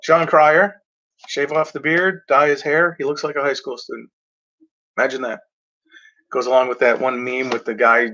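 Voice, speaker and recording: A man talking casually about movies, rambling and halting, often clearing his throat and filling pauses. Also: mid-range voice, flat delivery, bright, forceful tone, dull audio. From Mexico. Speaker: movie reviewer. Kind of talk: casual movie talk, reading back covers.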